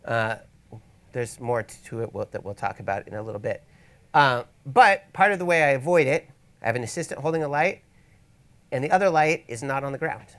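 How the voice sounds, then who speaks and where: A man's voice: mid-range voice, animated, fairly quick, a bit bright. A man presenting a photography workshop in a casual teaching style, with wry, rambling asides, speaking in an event space to an audience. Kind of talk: casual instructional talk.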